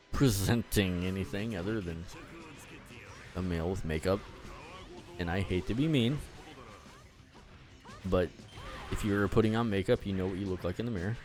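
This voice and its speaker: A man's voice: low voice, a little mellow. A man giving casual gameplay commentary, rambling with lots of fillers and restarts and swearing freely as he rants. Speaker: gaming channel host.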